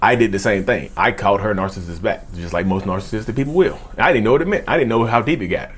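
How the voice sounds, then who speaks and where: A man's voice: fairly low pitch, lively intonation, quick pace. A man, talking to camera in an earnest, preachy way and repeating lines for emphasis. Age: 30s. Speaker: mental health video creator. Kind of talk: casual talking-to-camera monologue.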